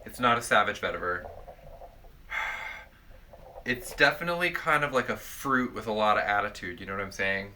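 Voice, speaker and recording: Man, low-ish voice, playful, rambling, casual chat, faint background hiss. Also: expressive, normal speed, pauses often, sharp tone. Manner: playful, rambling, jokey descriptions. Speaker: perfume reviewer, co-host.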